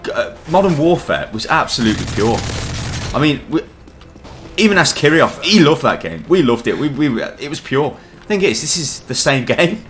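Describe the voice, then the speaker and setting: A man's voice: fairly high pitch, big pitch swings, moderate pace, soft background music. A young man giving sweary, grumbling commentary over his own gameplay. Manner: grumbling, swearing, laughing at the game. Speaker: gaming channel host.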